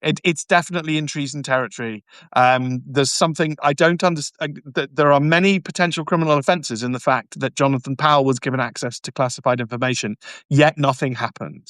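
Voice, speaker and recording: A barrister hosting a live stream answers viewer comments in a middle-pitched, slightly bright voice at a brisk pace. He is emphatic and repetitive, often stumbling and restarting, with mocking, sarcastic asides. The sound is dry and close, with no room sound.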